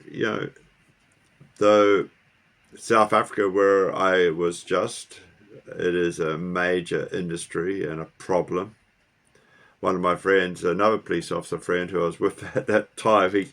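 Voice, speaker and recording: A middle-aged man talks casually to his camera in a fairly low voice. He rambles, restarts his sentences and keeps asking his viewers questions. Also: a bit bright. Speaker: car vlogger. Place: New Zealand.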